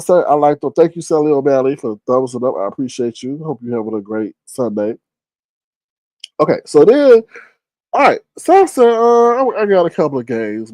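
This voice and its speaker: Animated man with a mellow voice. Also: no echo. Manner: animated, profane, gossipy, with big pitch jumps when quoting. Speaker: livestream host. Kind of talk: casual livestream chat and storytelling.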